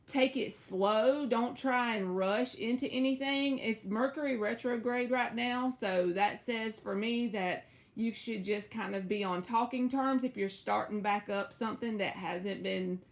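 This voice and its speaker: A young woman with a Southern US drawl chats through a casual live-stream tarot reading. Her voice sits a little high, and she stretches her words and leaps up in pitch now and then. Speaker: tarot reader.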